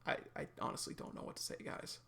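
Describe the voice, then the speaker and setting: A man's voice: fast, pushed and bright. A young man reacting live to a webcomic, subdued and sighing.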